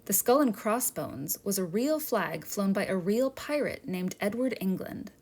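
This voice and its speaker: A woman's voice: medium pitch, animated, a little slow, a little mellow, slightly rough. Woman teaching kids a friendly history lesson. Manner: friendly, asks the listener questions. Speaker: museum educator. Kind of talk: children's lesson narration.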